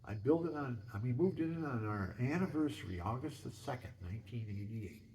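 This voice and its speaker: A man's voice: medium pitch, expressive, brisk, darkish tone, slight background noise. Older man rambling through folksy stories. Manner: rambling, folksy, many restarts. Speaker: home video maker. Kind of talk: casual storytelling.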